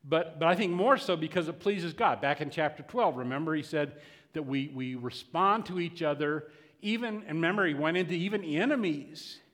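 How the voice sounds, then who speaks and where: A man's voice: a little high, normal speed, a bit bright, big-room sound. A man preaching a sermon in a conversational way, often restarting and repeating words.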